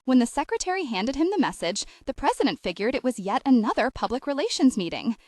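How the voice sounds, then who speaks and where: A woman narrating an audiobook novel with expressive, lively storytelling. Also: high-pitched, fast talker, no echo, clean studio sound. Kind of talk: scripted narration.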